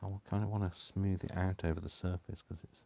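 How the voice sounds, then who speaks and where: A man with a deep, low voice chats casually through a live crafting session. He rambles and talks to himself as he works. He apologizes often and keeps the talk loose and unscripted. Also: level tone, brisk, creaky, dark tone. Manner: rambling, self-talking, apologetic. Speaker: craft channel host.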